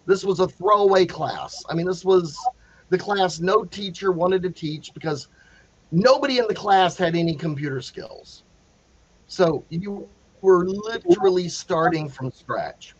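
A man telling a story in a casual, animated way, acting out the quotes with many restarts. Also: sits high, slightly rough, highs cut off. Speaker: panel guest telling a story.

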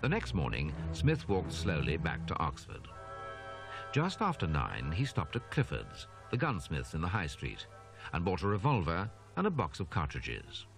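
Deep guy narrating horror audiobook, grave and measured, lots of lilt, music underneath. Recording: narration over background music.

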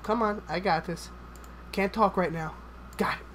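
A man giving live gameplay commentary, excitable and joking, swearing often and chattering in rapid bursts. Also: a little high, slight background noise.

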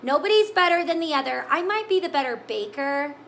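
A woman's voice: high-pitched, expressive, a little fast, vocal fry, a bit bright, a little hiss or hum. A woman hosting a live cooking stream, chatting with viewers in an emotional, tearful way. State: crying. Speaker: cooking show host. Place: home kitchen.

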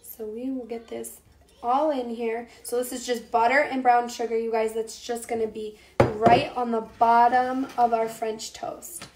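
This young woman speaks a little slowly, with a fairly high but flat-sounding pitch and a darkish tone, as she hosts a casual live cooking show in her home kitchen. She's recovering from a lost voice, addresses her audience as "you guys," and answers their comments. The recording has room echo and faint noise.

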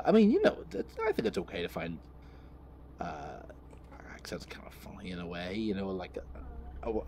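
A man rambling through a story while driving his truck, swearing and laughing at himself. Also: fairly low pitch. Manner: swearing, self-mocking, rambling with many fillers. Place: inside a truck cab on the road.

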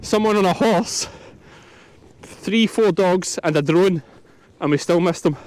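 A Scottish sheep farmer talks straight to his viewers in a chatty, easygoing way, out on a hillside in a storm. His voice sits high for a man. Vehicle noise is heard behind him. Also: unhurried, a little mellow. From Scotland. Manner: chatty, talking to viewers while working dogs. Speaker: sheep farmer and channel host. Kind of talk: outdoor farm vlog commentary. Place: windy hillside outdoors in a storm.

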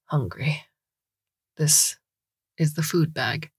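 A woman's voice: low-pitched, takes it slowly, husky, no echo, clean studio sound, exaggerated voice. A woman voicing a tiny oracle creature that lives in a vase, speaking in a faint, metallic, earnest whisper. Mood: urgent.

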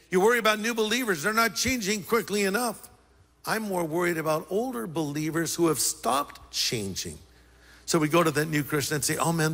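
A man preaching a sermon as pastor, lively and joking with the congregation. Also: high-pitched, long reverb tail.

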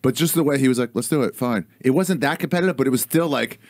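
A man's voice: mid-range voice, very fast, a little mellow, no echo, clean studio sound. A man in casual podcast chat, teasing and wry, laughing at the others. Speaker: podcast co-guest.

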